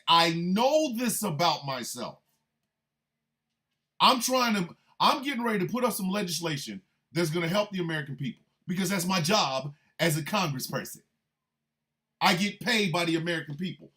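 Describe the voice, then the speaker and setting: A man hosting a radio show, a military veteran, delivering a profane, confrontational monologue that swings from low, menacing threats to shouted outbursts. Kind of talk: heated monologue rant.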